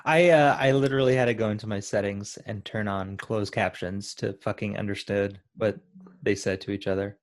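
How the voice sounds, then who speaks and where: A man's voice: fairly low pitch, steady tone, moderate pace. Man, casual film chat, chatty, lots of fillers. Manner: chatty, filler-heavy, laughing along. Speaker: podcast co-host. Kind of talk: casual movie discussion.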